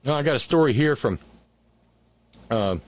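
A man's voice: medium pitch, animated, moderate pace, dry recording. A man hosting a political talk show, ranting angrily and sarcastically with profanity and stammered restarts.

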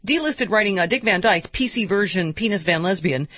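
A woman's voice: medium pitch, animated, moderate pace, background noise. A woman hosting a radio talk show, joking and chatting casually with her guests. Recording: slightly dull radio broadcast audio.

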